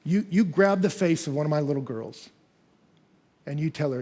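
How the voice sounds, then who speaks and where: Male pastor preaching, high husky voice, candid and lively storytelling. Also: moderate pace, pauses often. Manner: animated, candid storytelling with self-deprecating humor. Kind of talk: sermon. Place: church service.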